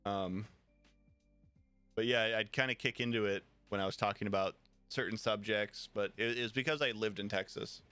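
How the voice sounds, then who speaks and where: A man's voice: on the low side, fairly even intonation, normal speed, pushed and bright, smooth, no room sound, soft background music. A man streaming live, talking casually and rambling, with frequent restarts and laughter. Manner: rambling, repeats himself, laughs often.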